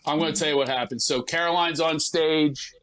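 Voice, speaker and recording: A man, a comedian guest, telling a story in an animated way and acting out other people's lines in quick bursts. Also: a little high, poor audio.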